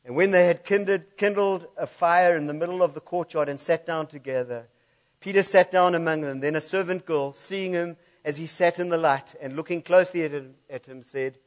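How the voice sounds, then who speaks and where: A man's voice: a little high, fairly quick. A man preaching a sermon in a church, reading scripture aloud and laughing at his own slip-ups.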